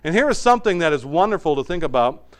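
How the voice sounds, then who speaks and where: A man preaching a sermon as pastor, swinging between emphatic raised passages and quiet, hushed asides. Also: fairly high pitch, big pitch swings, quick pace.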